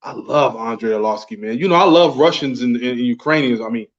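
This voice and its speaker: A man's voice: mid-range voice, fairly quick, highs cut off. A young adult man co-hosting a casual fight podcast, slangy and profane, calling his partner homie and bro. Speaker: podcast co-host. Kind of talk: casual sports chat.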